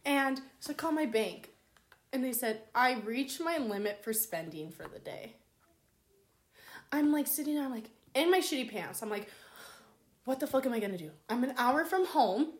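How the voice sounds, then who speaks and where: A woman's voice: high-pitched, normal speed. A young woman telling an embarrassing story in casual chat, swearing freely and acting out her own quotes. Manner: swears a lot, animated storytelling with acted-out quotes.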